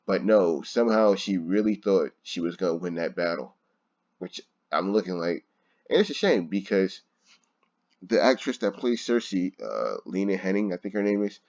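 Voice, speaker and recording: Casting note: deep-voiced male reviewer, exasperated and profane, muffled home recording. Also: animated, moderate pace, darkish tone. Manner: frustrated, swearing, laughing often. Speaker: show reviewer. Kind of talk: casual ranting review.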